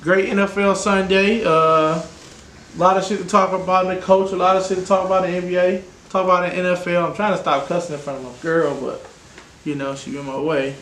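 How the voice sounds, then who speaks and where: A man hosting a podcast, a casual sports chat full of loud, joking trash talk. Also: high voice, little pitch movement, a little fast. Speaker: podcast host. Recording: echoey room with faint noise.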